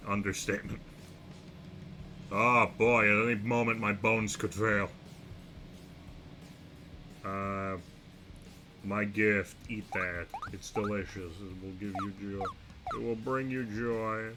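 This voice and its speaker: A man's voice: lowish voice, steady tone, slow, long pauses, over music. A young man streaming a game, reacting with wry asides as he plays. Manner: wry, talks to himself while reacting to the game. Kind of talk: let's-play commentary.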